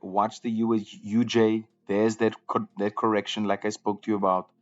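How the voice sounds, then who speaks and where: Low-voiced guy doing live trading commentary, kinda dull lo-fi audio, faint music behind. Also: little pitch movement, normal speed. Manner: conversational, repeats words and restarts often. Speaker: trading room host.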